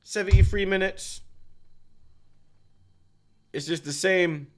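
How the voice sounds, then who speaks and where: A man hosting a live football watchalong, talking in excitable, slang-heavy banter. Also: high voice, slow pace. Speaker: host. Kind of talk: live match watchalong commentary.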